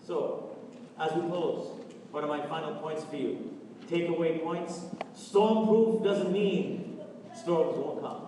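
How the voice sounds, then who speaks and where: A pastor preaching a sermon, with rising, sing-song emphasis and lots of repetition, recorded in a church. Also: male voice, a little high, slow, noisy background. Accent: Canadian. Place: church sanctuary. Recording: echoey hall from far off.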